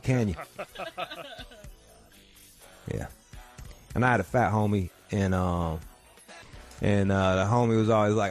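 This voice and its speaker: A podcast host speaks from his home couch in a low, gravelly voice with a darkish tone. He delivers a crude comedic rant, telling rambling comic stories laced with profanity.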